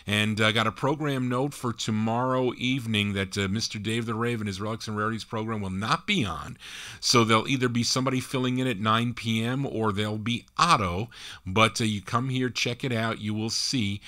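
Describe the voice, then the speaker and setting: A man's voice: fairly low pitch, fairly even intonation, moderate pace, pushed and bright. A man hosting a live oldies record show as DJ, chatting casually between songs with rambling asides. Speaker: radio DJ host.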